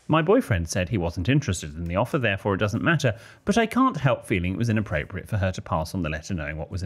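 Husky, lively British man reading letters. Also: lowish voice. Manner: animated, laughs while reading. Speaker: podcast co-host reading listener letters. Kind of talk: casual chat, reading letters aloud.

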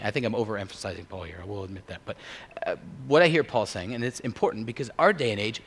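A man preaching a sermon as pastor, swinging between hushed intensity and loud emphasis. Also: lowish voice, expressive, fast talker, creaky, slightly rough.

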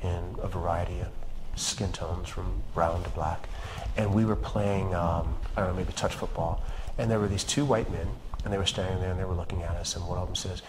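A man from Appalachia, a surgeon telling his life story in an interview, in an earnest, measured, firm way. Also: low voice, steady tone. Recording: lingering reverb, faint background hum.

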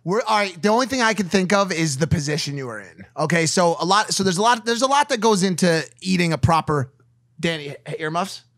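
A man's voice: sits high, expressive, fairly quick, dry recording, studio quality. A man co-hosting a podcast who teases and jokes crudely in casual banter. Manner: teasing, crude, loud joking. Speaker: podcast co-host.

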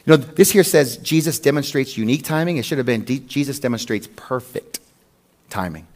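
A man pastor preaching a sermon in an animated way, acting out the prayers he quotes. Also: medium pitch, brisk.

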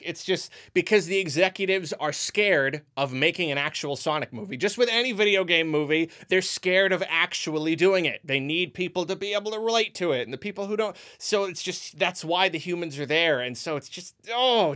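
A man ranting in a movie review, exasperated and rambling, with many restarts. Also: a little high. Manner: acts out quoted reactions in an animated way.

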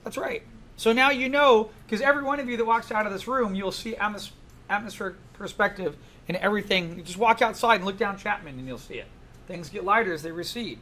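A man teaching a class in a classroom, lively and full of questions to the students. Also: high-pitched, a little fast. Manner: animated, asks the class many questions. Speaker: art instructor. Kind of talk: classroom lecture.

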